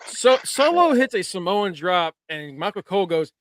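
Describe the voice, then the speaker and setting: Animated high-voiced man recapping wrestling. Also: moderate pace, no echo. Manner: laughing, profane, acts out quotes. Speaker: podcast co-host. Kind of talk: casual wrestling recap chat.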